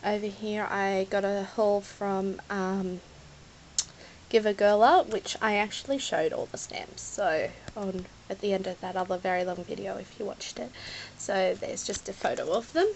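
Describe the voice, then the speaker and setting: An Australian scrapbooking vlogger chats casually while showing off a scrapbook, rambling, apologizing, and sometimes near tears. Her voice is medium-pitched with fairly even intonation and a moderate pace. The recording is low quality, with a little hiss or hum.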